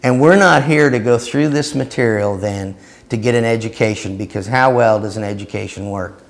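A man teaching a Christian seminar and telling a story, growing loud and animated as he acts out what he said. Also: lowish voice, moderate pace. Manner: storytelling, growing loud and animated when acting out his reply. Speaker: preacher.

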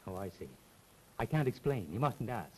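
An evasive treasure seeker. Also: male voice, on the low side, very animated, normal speed, slight background noise, poor audio. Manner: evasive, stammering. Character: secretive male treasure seeker. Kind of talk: 1930s film acting.

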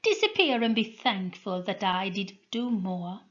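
A woman reading a storybook aloud and voicing a cold, commanding young noblewoman with witch powers, slow and haughty in her delivery. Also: medium pitch, very animated, fairly bright tone, lo-fi sound. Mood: cold, scornful.

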